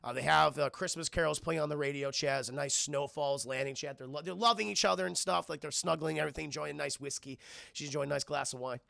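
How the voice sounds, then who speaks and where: A man's voice: a little high, fairly even intonation, quick pace, creaky, pushed and bright, no room sound, clean studio sound. A man streaming a casual, profane film recap, rambling and constantly addressing his chat.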